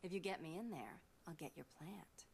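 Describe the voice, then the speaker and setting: Flirty game cat thief, teasing, lilting delivery. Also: female voice, on the low side, expressive, moderate pace, gravelly, slight background noise. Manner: teasing and playful. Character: sly flirtatious female cat burglar. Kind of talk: video game cutscene acting.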